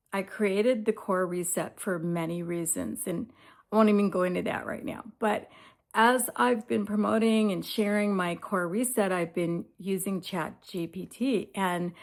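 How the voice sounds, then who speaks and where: A woman in her seventies talking candidly and reflectively in a casual personal vlog. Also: medium pitch. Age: 70s. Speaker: lifestyle vlogger.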